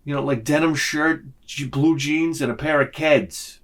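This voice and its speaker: A man's voice: on the high side, measured pace. A middle-aged man ranting through a casual, comedic vlog monologue, slipping into other people's voices as he goes. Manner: animated ranting, acts out lines in voices. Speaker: vlogger.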